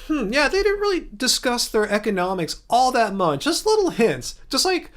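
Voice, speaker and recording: Male livestream host, high voice, chatty and rambling, reads viewer messages. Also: big pitch swings, normal speed, a bit bright. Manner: rambling, chatty, chuckles often while reading chat. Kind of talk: casual livestream chat.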